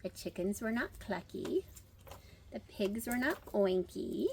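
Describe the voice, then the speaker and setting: An older woman reads a children's picture book aloud in a slow, unhurried way, often stopping to chat about the pictures. Her voice is very lively and sing-song, rising and falling a lot. Faint noise sits behind her. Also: medium pitch, gravelly. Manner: chatty, pausing to comment and wonder aloud. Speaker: storyteller reading to children.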